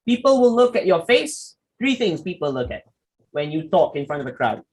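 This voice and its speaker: A young man, teaching a public speaking workshop in an animated way. He asks the audience questions and acts out quick examples. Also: on the high side, breathy edge, poor audio. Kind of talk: lecture presentation with slides.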